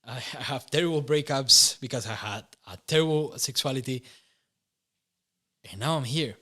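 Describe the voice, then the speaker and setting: Bright-voiced young man, Costa Rican accent. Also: mid-range voice, moderate pace. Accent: Costa Rican Spanish. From Costa Rica. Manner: earnest, laughs often, self-corrects mid-sentence. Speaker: interview guest. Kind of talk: personal testimony.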